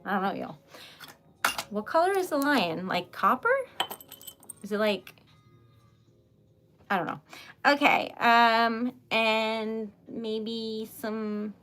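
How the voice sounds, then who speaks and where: A woman's voice: fairly high pitch, slow, pauses often, fairly bright tone, faint music behind. A young adult woman chatting casually on a craft livestream, giggly and talkative, often saying "y'all".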